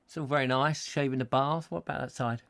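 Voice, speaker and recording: A man's voice: medium pitch, steady tone, fast talker, vocal fry, fairly bright tone, dry recording. A man hosting a comic live chat show, rambling through jokey stories and singing little snatches. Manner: chatty, jokey storytelling, sings snatches. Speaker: host.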